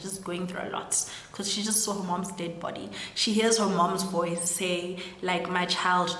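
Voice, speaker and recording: A young woman recaps a horror story in a loose, chatty way, leaning on filler words and acting out the characters' lines. Her voice sits at a middle pitch. She sounds like she is in a roomy space with a long, lingering reverb. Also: fairly bright tone, a little hiss or hum. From South Africa. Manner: chatty, lots of "like" fillers, acts out quoted lines. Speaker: storytelling creator. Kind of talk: casual plot recap. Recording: echoey room with long reverb.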